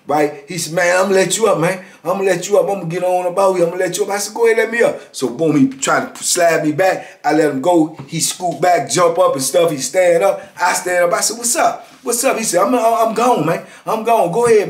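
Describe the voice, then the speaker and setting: A middle-aged man telling a prison story in a casual, animated way, acting out the quotes and often asking "you know what I'm saying". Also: high voice, roomy sound.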